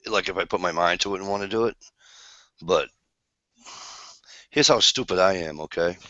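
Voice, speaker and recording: New guy, real low voice, bright and dry, rambling and cussing, kinda dull lo-fi sound. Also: dry recording. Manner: storytelling, swears freely, rambling asides. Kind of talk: casual chat.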